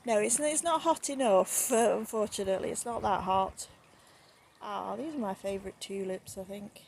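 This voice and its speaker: A woman's voice: mid-range voice, normal speed, gravelly, a little hiss or hum. A woman with a Nottingham accent chatting casually on a live stream while strolling around her garden, filming on a handheld phone. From England. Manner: relaxed, chatty, drifting from one remark to the next. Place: home garden outdoors in the evening. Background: faint outdoor ambience, water.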